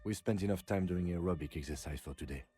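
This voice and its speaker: A man putting on a dry, deadpan voice for a sober partner character. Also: sits low, quick pace, voice pushed down, close to an everyday voice.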